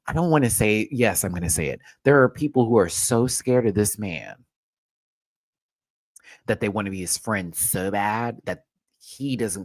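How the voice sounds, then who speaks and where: A man hosting a casual TV show recap, profane and animated, jumping from loud outbursts to low muttering. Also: dry recording.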